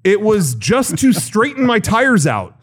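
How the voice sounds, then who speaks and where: A man's voice: high-pitched, huge pitch swings, unhurried. A man co-hosting a comedy podcast, telling a story and acting out other people's lines in exaggerated voices. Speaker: podcast co-host.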